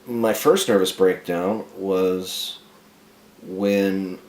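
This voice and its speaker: A man telling a dark, comic story about himself in a crude, profane, rambling way. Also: low-pitched, fairly even intonation, extremely slow, reverberant.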